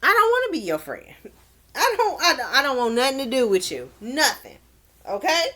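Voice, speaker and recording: A woman's voice: sits high, wildly swooping pitch, normal speed, bright, forceful tone. A woman recapping a dating show in a casual vlog, blunt and exclaiming, with slangy asides. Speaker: show reviewer.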